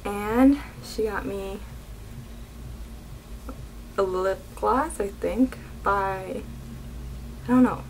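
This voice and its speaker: A young woman vlogging as she unboxes beauty products, gushing and excitable. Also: mid-range voice, drawn-out words, pauses often, a little hiss or hum, rough recording. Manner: gushing, excitable, keeps saying oh my god. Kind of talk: unboxing vlog.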